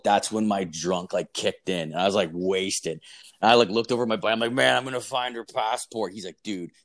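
Young man, podcast host, casual storytelling, fairly low voice, profane, rambling. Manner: rambling, heavy swearing, lots of "like" and "dude".

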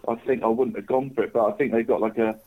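Chatty bloke on a tinny line. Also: male voice, mid-range voice, steady tone, fast. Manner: chatty, rambling, says "mate" constantly. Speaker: podcast co-host, football tipster. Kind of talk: casual chat.

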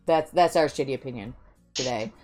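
A woman's voice: a bass voice, a little fast, darkish tone, faint music behind. A woman co-hosting a casual podcast, playful and laughing often. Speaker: podcast co-host.

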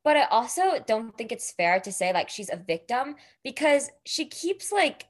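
A woman's voice: on the high side, normal speed. A young woman in casual chat about a book, filling nearly every phrase with "like" and acting out the characters' lines. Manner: says "like" constantly, animated retellings. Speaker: book discussion co-host.

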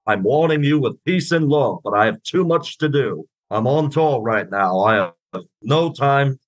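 A man's voice: medium pitch, expressive, measured pace, dry recording, poor audio. A man putting on a Liverpool accent for an impression of a grumpy older rock drummer. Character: impression of a famous older British male drummer.

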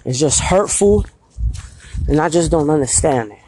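A woman's voice: deep voice, expressive, normal speed, mellow, slight background noise, poor audio. A woman hosting her own vlog, talking bluntly and profanely into a phone as she walks a street at night, repeating "you feel me" often. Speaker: vlog host. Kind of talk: casual street vlog rant. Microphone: phone held while walking.

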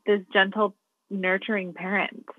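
A woman's voice: mid-range voice, flat delivery, measured pace, no room sound. A woman co-hosting a podcast who speaks in a reflective, candid way in casual conversation. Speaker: podcast co-host and clinician. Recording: dry, tinny phone-like line.

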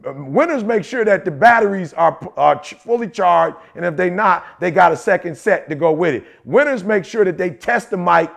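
A middle-aged man co-hosting a podcast, talking in an animated, slangy motivational way and repeating phrases for emphasis. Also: high-pitched, normal speed, vocal fry, few pauses. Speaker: podcast co-host. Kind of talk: motivational casual chat.

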